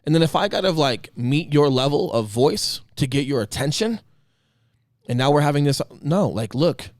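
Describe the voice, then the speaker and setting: A man co-hosting a casual podcast chat, talking with emphatic passion and swinging between loud bursts and quiet asides. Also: fairly high pitch, expressive, moderate pace, no echo, studio quality. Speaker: podcast co-host.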